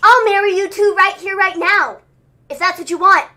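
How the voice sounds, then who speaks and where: A showy, grandly forgiving male wrestler, done by a young woman, delivered in a mock-solemn way with drawn-out repetition. The voice sits high and sounds bright and sharp.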